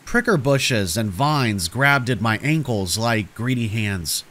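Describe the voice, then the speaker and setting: A man's voice: mid-range voice, lively intonation, takes it slowly, fairly bright tone. A man narrating a scary story in a scripted, dramatic storytelling manner.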